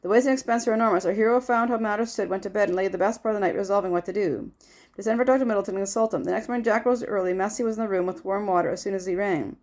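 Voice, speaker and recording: A woman's voice: medium pitch, racing, darkish tone. A woman reading a classic novel aloud as an audiobook narrator. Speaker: audiobook reader. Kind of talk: scripted narration.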